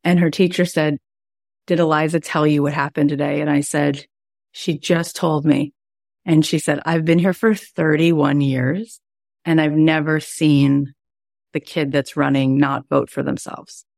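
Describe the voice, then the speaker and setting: Low-pitched woman host in her 40s, chatty and emotional, lots of "like", dry close sound. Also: steady tone, a little slow, vocal fry, dry recording. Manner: warm, emotional, chatty with many "like" fillers. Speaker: podcast host and coach. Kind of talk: personal storytelling on a coaching call.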